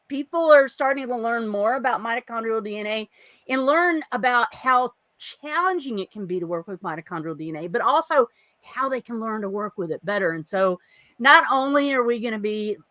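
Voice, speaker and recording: A woman co-hosts a livestream from a video call, chatting freely and running through viewer greetings with plenty of asides. Her voice is bright and sits a little high. The sound is dry, with no room around it. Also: expressive, moderate pace, dry recording. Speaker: co-host of a genealogy livestream. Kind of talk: casual chat.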